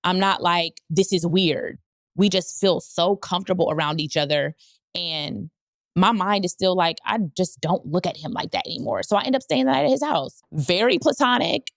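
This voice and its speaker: A woman podcast host telling a candid personal story, animated and leaping up in pitch when she quotes people. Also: normal speed, gravelly, dry recording, clean studio sound. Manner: animated, jumps high when quoting people.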